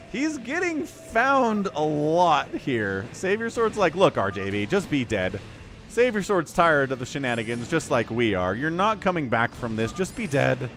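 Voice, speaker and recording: Animated man casting a strategy game. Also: mid-range voice. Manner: animated, chatty, laughs often, greets chat viewers. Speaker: game caster. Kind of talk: live stream game commentary.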